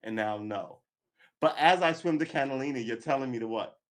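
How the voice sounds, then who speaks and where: A man's voice: mid-range voice, fairly quick, a bit bright. A man giving live political commentary, angry and sarcastic, swearing, reading news aloud and cutting in with remarks.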